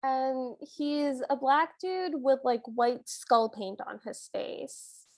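A woman's voice: high voice, slow, no echo. A woman co-hosting a podcast, retelling movie scenes in a chatty, amused way. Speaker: podcast co-host. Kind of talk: casual movie recap chat.

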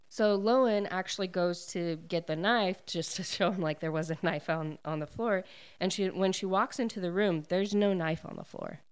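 A woman's voice: on the low side, normal speed, clear, resonant tone. A woman casually retelling a book's plot, using many "like"s, acting out quoted lines and laughing often. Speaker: book discussion host. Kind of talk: casual book recap chat.

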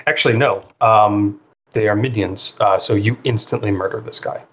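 A man narrating a tabletop role-playing game as game master, in a relaxed way with many fillers. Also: fairly low pitch, normal speed. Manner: relaxed, filler-heavy narration with frequent ums and likes.

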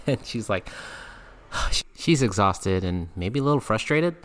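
A man hosting a podcast, telling a frank comic story in a casual, animated way and laughing often. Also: lowish voice, a little slow. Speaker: podcast host.

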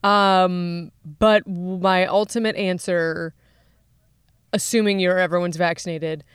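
A woman's voice: fairly low pitch, fairly even intonation, slow, smooth, dry recording, studio quality. A woman co-hosting a podcast in casual chat, teasing her co-host in a playful way.

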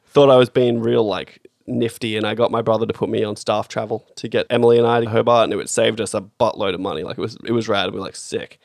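This is a young Australian man in casual conversation, telling stories in a loose, rambling way and swearing offhandedly. His voice sits at a middling pitch with a gravelly, creaky texture. The sound is dry and close. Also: no room sound. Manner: laid-back, swears casually, rambling storytelling. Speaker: podcast co-host. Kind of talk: casual chat.

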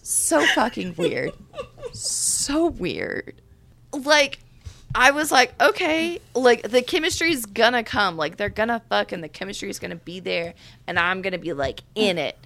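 A woman rants in casual podcast chat, her pitch leaping up and down as she swears. She strings her thoughts together with a steady stream of "like" and talks at a middling pitch. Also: unhurried, vocal fry, a little hiss or hum. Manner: animated, profane ranting with lots of "like". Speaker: podcast co-host reviewing a book.

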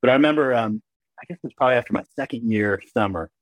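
A middle-aged man from Kentucky, an emergency doctor telling animated, self-deprecating stories as an interview guest. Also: mid-range voice, quick pace, dry recording. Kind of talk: casual interview storytelling.

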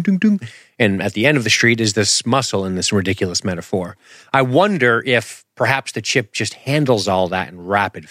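Male podcast host, low voice, casual rambling chat, dry close recording. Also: no room sound. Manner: animated, rambling, self-deprecating, makes sound effects.

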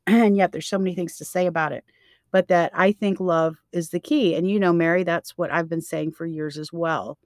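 A woman's voice: lowish voice, no room sound, studio quality. A woman co-hosting a faith-based parenting podcast, talking in an earnest, reflective way and sometimes reading scripture aloud. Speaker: podcast co-host.

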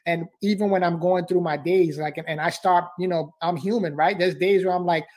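High-voiced fervent man. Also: steady tone, a little fast, darkish tone. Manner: fervent, repeats phrases, says bro and man often. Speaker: guest. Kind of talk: motivational podcast conversation.

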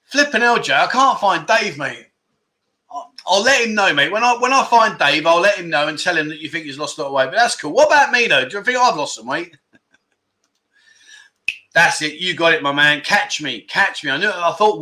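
A man's voice: fairly high pitch, animated, normal speed, sharp tone. A man hosting a casual livestream, reading out viewer comments in a rambling, jokey way and often losing his train of thought. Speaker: livestream host.

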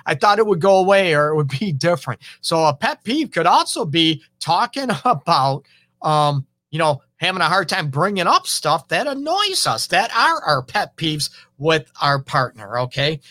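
Casting note: middle-aged male counselor-host, bright dry close sound, animated storytelling. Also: fairly high pitch, moderate pace, no echo. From Detroit area. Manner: animated, acts out couples' quarrels in raised voices. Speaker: relationship counselor and show host. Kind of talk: casual solo podcast talk.

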